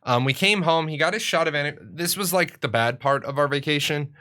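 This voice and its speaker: A man's voice: fairly high pitch, brisk, sharp tone. A young adult man chatting casually and rambling on a live stream, joking about himself as he goes. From United States.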